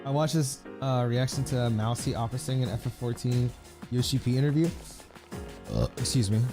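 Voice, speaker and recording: Music plays behind this young Filipino gamer as he talks to his stream in a mid-range voice, steady in tone and brisk. He's chatty and rambling, with plenty of fillers and frequent laughter.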